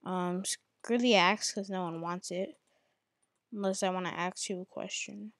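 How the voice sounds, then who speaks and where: A woman giving live commentary on her own gameplay at home, muttering to herself and then yelling at opponents in exasperation, with mild cursing. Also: steady tone, a little slow, no echo, studio quality. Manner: swings from low muttering to angry yelling at opponents. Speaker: gamer.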